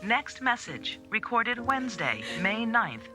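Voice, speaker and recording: A woman's voice: fairly high pitch, sing-song, slow pace, over music. An actress voicing a female automated voicemail system in a TV drama, making formal announcements. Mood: neutral.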